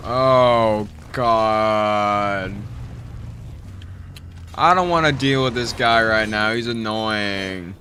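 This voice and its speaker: A man's voice: fairly low pitch, extremely slow, pushed and bright, a little hiss or hum. A young man doing let's play commentary with theatrical, mock-threatening trash talk at the game. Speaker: gamer.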